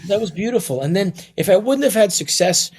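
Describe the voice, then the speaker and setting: A man's voice: sits high, animated, brisk, breathy edge. Man telling stories, full of restarts. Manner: rambling, many restarts and fillers. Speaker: comedian guest. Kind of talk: casual interview storytelling.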